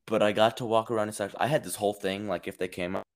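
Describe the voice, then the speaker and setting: A man with a very low, deep voice hosts a relaxed podcast chat with friends. He rambles through his anecdotes in a loose, easygoing way, with plenty of "like" along the way. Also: fast. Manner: laid-back, rambling anecdotes full of "like". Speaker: podcast host.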